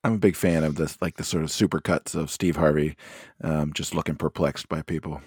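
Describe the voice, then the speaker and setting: Low-voiced rambling podcast man. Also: steady tone, fairly quick, a little mellow, breathy edge, no room sound, clean studio sound. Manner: rambling, wry. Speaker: podcast co-host. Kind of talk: casual chat.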